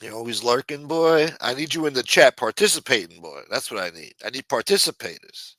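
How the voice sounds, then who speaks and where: A man's voice: mid-range voice, big pitch swings, a little fast, fairly bright tone, no room sound. A man hosting a livestream, chatting casually and profanely to his chat and acting out quotes as he retells stories. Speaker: livestream host.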